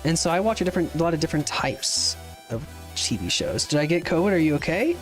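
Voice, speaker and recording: A man's voice: on the high side, very animated, fast talker, soft background music. Rambling casual male game streamer. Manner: rambling, loose, casual swearing; answers viewer chat questions as they come. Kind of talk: casual chat while playing a game.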